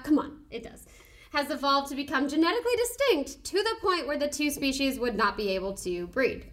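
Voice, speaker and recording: A woman co-hosting a casual podcast chat, gushing and excitable, often giggling. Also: high voice, a little fast. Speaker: podcast co-host.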